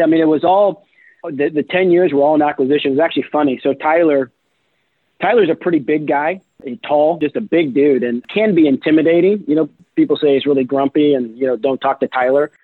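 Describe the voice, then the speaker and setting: A man's voice: on the high side, no room sound. Chatty man on a tinny phone line. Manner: chatty, animated, many fillers like "you know" and "right". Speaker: guest, real estate investor. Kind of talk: casual interview storytelling.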